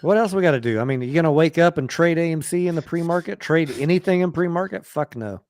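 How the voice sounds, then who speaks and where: A man with a highish, slightly mellow voice talks quickly, with no room sound. He hosts a casual late-night live stream about stocks as a stock talk show host, speaking bluntly and swearing offhandedly.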